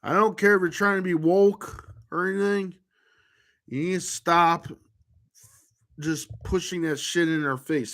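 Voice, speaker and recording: A man's voice: on the high side, a bit bright. A man vlogger talking in a rambling monologue to camera, full of restarts and trailing fillers.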